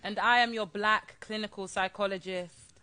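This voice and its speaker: An actress playing a calm, patient female clinical psychologist who speaks in a measured, reassuring way. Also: mid-range voice, background noise, close to an everyday voice. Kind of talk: stage play acting.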